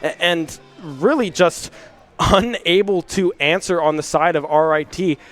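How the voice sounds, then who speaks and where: High-voiced young male esports caster. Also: fairly bright tone, soft background music. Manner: rapid play-by-play, rising at big plays. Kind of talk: live esports commentary.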